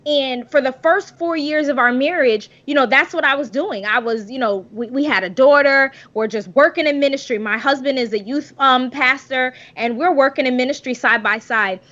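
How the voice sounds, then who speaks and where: High-voiced woman giving testimony. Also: moderate pace, few pauses, fairly bright tone, lo-fi sound. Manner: earnest, preacherly storytelling. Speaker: podcast guest.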